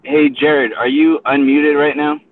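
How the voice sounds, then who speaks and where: A man's voice: on the high side, level tone, a little slow. A man hosting a casual chat from his car between rideshare pickups, laid-back and rambling, saying dude a lot. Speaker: host and rideshare driver. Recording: tinny phone-line audio.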